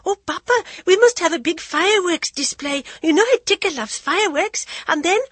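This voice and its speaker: A woman reading an audiobook, voicing an excitable, defiant teenage princess in high, loud outbursts. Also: normal speed, no echo. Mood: elated.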